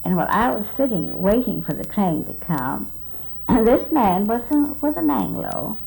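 Her mid-range voice swings hugely in pitch, with a measured pace, vocal fry and a dark tone. She is an older South Texas woman giving an oral history interview, reminiscing in a rambling way, repeating what people said to her and often starting over. The recording is rough.

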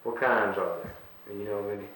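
A man interviewing someone, coaxing answers with patient, halting prompts full of restarts. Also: lowish voice, steady tone. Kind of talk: dialect elicitation interview. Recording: roomy old tape recording with hiss.

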